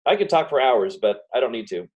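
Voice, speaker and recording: Man, fast talker, casual self-help chat, repeats phrases, video call. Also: mid-range voice, animated, a little mellow, highs cut off. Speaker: guest speaker.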